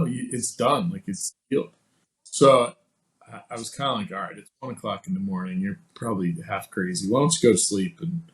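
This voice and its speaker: Podcast guest, male, lowish voice, chatty storyteller who acts out the dialogue. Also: poor audio. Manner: animated, acts out quoted dialogue; casual, many fillers like "like" and "you know". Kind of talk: personal storytelling in conversation.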